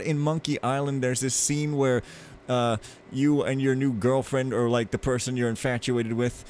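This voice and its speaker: A man's voice: medium pitch, steady tone, normal speed, hardly any pauses, darkish tone, a little hiss or hum. A man casually commenting on a game as he plays, rambling and jokey with lots of filler. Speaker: let's play host.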